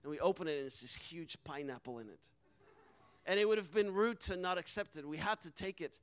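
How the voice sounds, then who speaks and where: A man's voice: fairly high pitch, brisk, smooth, no room sound, poor audio. A man, a missionary, telling a personal testimony with earnest emotion and acting out the quoted dialogue. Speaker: missionary speaker.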